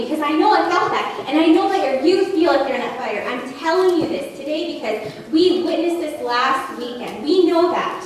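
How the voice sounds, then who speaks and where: A woman's voice: high-pitched, a little hiss or hum. A woman preaching a sermon to a church, pleading and emotional, building through repetition. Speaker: guest preacher. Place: church sanctuary. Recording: echoey church hall from far off, congregation audible.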